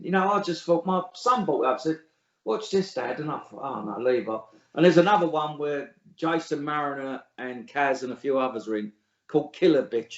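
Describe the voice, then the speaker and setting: Blunt, sweary man in an echoey room. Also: a little high. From England. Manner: blunt, sweary, scornful, laughs at his own stories. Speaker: interview guest, author. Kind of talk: casual interview chat. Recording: echoey room, dull lo-fi sound.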